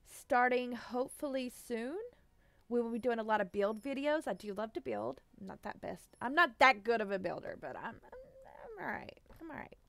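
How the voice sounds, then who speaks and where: Woman, streamer, casual live chat, giggly, upbeat, slightly high, dry close mic. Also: no echo. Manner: bubbly, giggly, greets chatters by name. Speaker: Twitch streamer.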